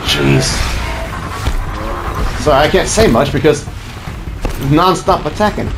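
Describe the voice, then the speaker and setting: A man giving gameplay commentary, swearing, yelling at enemies and repeating words in rapid bursts. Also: fairly high pitch, animated. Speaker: gaming channel host. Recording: game music behind the voice.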